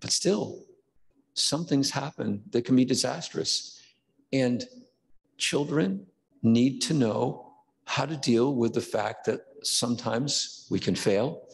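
An older pastor with a gravelly, mid-range voice delivers a conversational sermon, occasionally acting out the voices of people he quotes. The church sanctuary gives the recording a long reverb.

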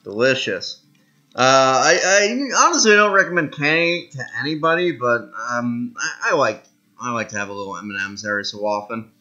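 A man's voice: medium pitch, expressive, normal speed, bright, forceful tone. A man hosting a let's-play, rambling in casual gameplay commentary and talking between mouthfuls of candy. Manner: rambling and self-amused, talks while munching candy. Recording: dull lo-fi with faint music.

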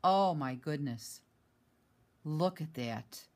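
A woman's voice: deep voice, takes it slowly. Female home vlogger, chatty and gushing, casual with lots of fillers. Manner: chatty and excited, many fillers. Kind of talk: casual chat, showing a mail package.

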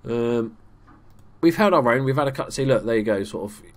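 A young man giving casual, self-mocking let's play commentary on a football game, chatty and prone to swearing when excited. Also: mid-range voice, fairly quick. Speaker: gaming YouTuber.

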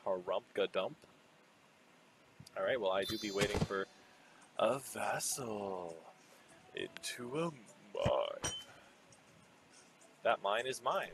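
Goofy low-voiced man playing a game. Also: very animated, slow, gravelly, long pauses, noisy background. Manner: goofy, playful nonsense rhymes. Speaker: let's play host. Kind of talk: casual gaming banter. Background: game music.

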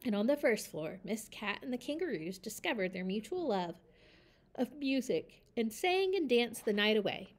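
A woman reading a children's picture book aloud with a lively, expressive delivery. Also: on the high side, moderate pace. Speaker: storyteller. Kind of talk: children's story read-aloud.

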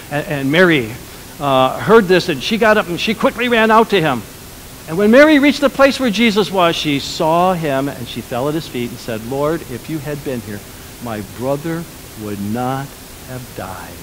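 Pastor guy preaching, kinda high voice, goes loud then real quiet, faint hiss behind. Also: rough recording. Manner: preaching with wide swings between loud emphatic lines and quiet lowered ones. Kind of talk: sermon.

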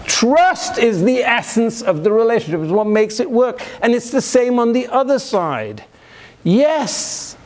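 High-voiced rabbi, dramatic sermon. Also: male voice. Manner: dramatic, swings between hushed and loud, acts out inner voices.

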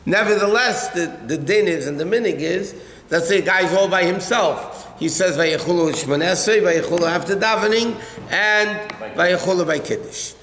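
A man's voice: sits high, moderate pace, fairly bright tone, a little hiss or hum. A man, a rabbi, teaching a religious law class in a conversational, explanatory way and fielding questions from listeners. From United States. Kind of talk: halacha class lecture. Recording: echoey hall.

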